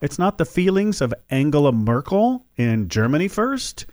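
Animated opinionated male talk host. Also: on the high side, normal speed, no echo, clean studio sound. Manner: animated, mocking impressions of opponents. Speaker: political talk show host. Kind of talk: opinionated political commentary.

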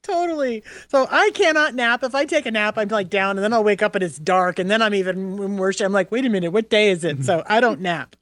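A woman's voice: mid-range voice, a bit bright, dry recording. Chatty woman radio co-host, dry studio sound. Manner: chatty, rambling, quick to laugh. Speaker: radio talk show co-host. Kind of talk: casual radio chat. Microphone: studio microphone.

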